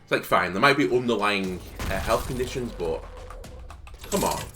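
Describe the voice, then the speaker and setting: A man's voice: on the low side, moderate pace, music in the background. A young man telling a rambling story, full of fillers, while he comments on his game. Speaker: gaming video host. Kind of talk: casual commentary while playing.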